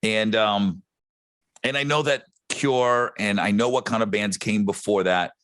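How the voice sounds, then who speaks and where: A man co-hosting a music podcast, talking in a rambling, excitable way with frequent restarts. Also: lowish voice, unhurried, no room sound. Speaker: podcast co-host. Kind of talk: casual chat.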